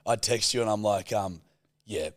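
A man's voice: medium pitch, sing-song, fast talker, vocal fry, no echo, clean studio sound. A young Australian man co-hosting a casual comedy podcast, cheeky and crude in his teasing banter. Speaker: podcast co-host.

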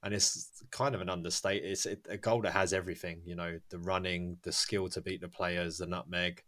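Chatty lowish-voiced male podcast host. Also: flat delivery, brisk, a bit bright. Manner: chatty, laughs often, many fillers. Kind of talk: casual football podcast chat.

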